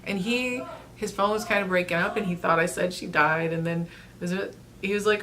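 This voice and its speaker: A woman in her thirties vlogging, telling a personal story in an earnest, rambling way with restarts and soft laughs. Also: lowish voice, fairly even intonation, brisk, slight background noise. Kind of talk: casual storytelling to camera.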